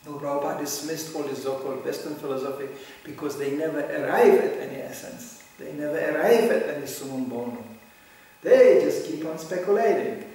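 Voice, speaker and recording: A man gives an informal scripture class, slipping into little acted voices for the people in his stories and chuckling as he goes. His fairly high voice sounds far from the mic, and it rings around a very echoey hall. A faint hum sits underneath. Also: fairly quick. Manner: animated, acts out what people say in little voices; chuckles often while telling stories. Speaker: spiritual teacher giving a scripture class. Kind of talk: informal sermon with storytelling.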